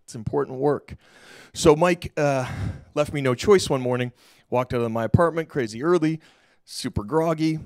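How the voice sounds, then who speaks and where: A middle-aged man giving a keynote talk on stage, telling a story in a lively, casual way and acting out the dialogue with slang. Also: a little high, normal speed, no echo, clean studio sound. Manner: animated, acts out quoted dialogue, casual slang. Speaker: keynote speaker. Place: lecture hall stage.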